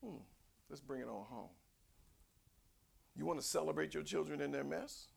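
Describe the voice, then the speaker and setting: A man preaching a sermon in a folksy, conversational way, swinging between low asides and shouted cries. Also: moderate pace, vocal fry, husky. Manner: folksy, conversational, acts out voices. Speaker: pastor.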